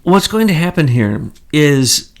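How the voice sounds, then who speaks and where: A man co-hosting a political commentary show, talking indignantly in rapid strings of rhetorical questions. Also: fairly high pitch, sing-song. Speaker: co-host.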